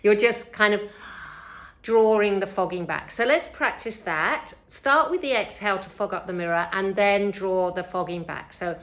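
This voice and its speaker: A woman teaching a yoga breathing lesson, speaking gently and unhurriedly, with frequent fillers and a slightly sore throat. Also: mid-range voice, moderate pace.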